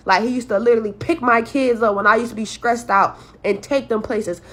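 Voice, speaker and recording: A woman's voice: on the high side, fairly quick, hardly any pauses. A young mother venting to camera about her child's father, exasperated and full of swearing. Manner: profane, exasperated. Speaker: clip subject, young mother.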